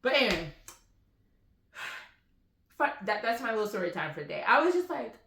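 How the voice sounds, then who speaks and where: A woman's voice: a little high, moderate pace, gravelly. A woman vlogging about books she bought, chatting casually and telling rambling stories full of fillers, recorded on a phone. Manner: rambling, animated storytelling with frequent fillers. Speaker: book vlogger. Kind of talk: casual chatty book haul vlog. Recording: roomy echoey room.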